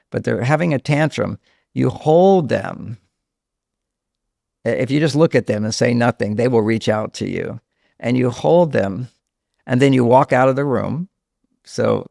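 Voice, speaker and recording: An older man, a relationship counselor and author, explaining at length in a podcast interview and going hushed when he quotes a scared child. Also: medium pitch, gravelly, no room sound, clean studio sound.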